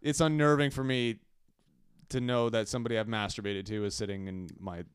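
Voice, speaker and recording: A man's voice: fairly low pitch, fairly even intonation, brisk, clear, resonant tone, no echo, clean studio sound. A man co-hosting a crude, joking chat show and reading listener letters aloud. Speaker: radio show co-host.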